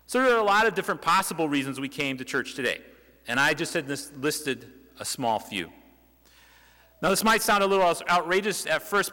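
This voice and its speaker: A man's voice: fairly high pitch, pushed and bright. A young man preaching a sermon in a church, talking in a conversational way with rhetorical questions and restarts. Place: church sanctuary. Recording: reverberant church hall.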